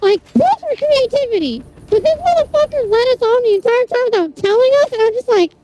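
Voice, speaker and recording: High, lively streamer ranting with swears. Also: a little fast, low-quality recording. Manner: animated storytelling, heavy swearing, exasperated rants. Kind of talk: casual chat with viewers.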